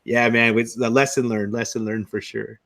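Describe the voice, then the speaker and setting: A Texan man hosting a casual chat, telling a lively story and saying "man" a lot. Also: mid-range voice, moderate pace, creaky. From Texas. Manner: storytelling, animated. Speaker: podcast host.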